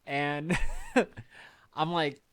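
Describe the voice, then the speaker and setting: A man's voice: a little high, steady tone, very slow, a bit bright, smooth, no echo. Laid-back young male podcast host. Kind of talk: casual chat, storytelling.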